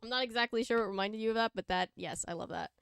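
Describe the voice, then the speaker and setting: A woman's voice: a little high, rapid-fire, vocal fry, a bit bright, clean tone, dry recording, studio quality. A woman co-hosting a casual chat stream, giggling and reading fan fiction aloud with small stumbles. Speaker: podcast co-host. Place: home room, live stream. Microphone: desk microphone.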